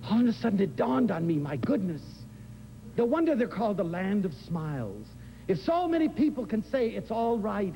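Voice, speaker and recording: An older man giving an inspirational lecture, telling stories in an animated, expressive way. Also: creaky. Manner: expressive, animated storytelling with big swings in pitch. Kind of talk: inspirational lecture to a live audience. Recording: live lecture in a hall with faint room noise.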